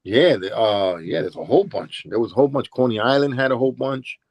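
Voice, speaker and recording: A former b-boy from Brooklyn, New York, tells rambling stories in a casual interview, restarting often and acting out what people said. His New York-accented voice is medium-pitched, fast and gravelly, a little mellow, with lively intonation. The recording is dry.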